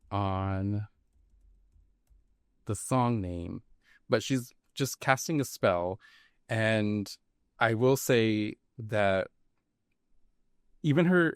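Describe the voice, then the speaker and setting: A man's voice: on the low side, no echo, studio quality. A man co-hosting a podcast in casual chat, talking in a loose, chatty way full of "like" and small laughs. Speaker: podcast co-host.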